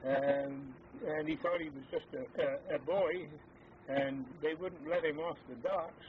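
An older man, an army veteran, recalling his service days in a halting, hesitant way full of fillers. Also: on the high side, steady tone. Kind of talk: oral history reminiscence. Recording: tinny phone-like lo-fi with faint hiss.

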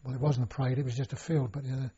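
A man's voice: medium pitch, level tone, rapid-fire, warm tone, a little hiss or hum. An older man telling a long personal story in an oral history interview, rambling and full of fillers and restarts. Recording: dull lo-fi recording.

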